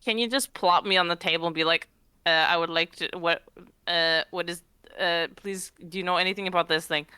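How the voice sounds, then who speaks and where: A woman playing a tabletop game who talks in a halting, giggly way and stumbles over her words. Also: fairly low pitch, steady tone, pushed and bright, smooth, dry recording. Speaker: player.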